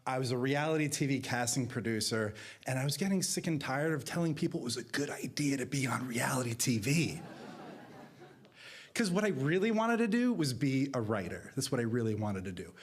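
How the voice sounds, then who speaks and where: A man in his thirties from New Jersey, telling a personal story with comic timing and big jumps in pitch. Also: lively intonation, a little fast, husky.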